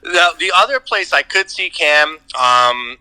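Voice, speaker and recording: A man on a podcast as a guest, chatting about sports in a relaxed, laid-back and agreeable way. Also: on the high side, measured pace, clean tone. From New England. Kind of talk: casual sports chat.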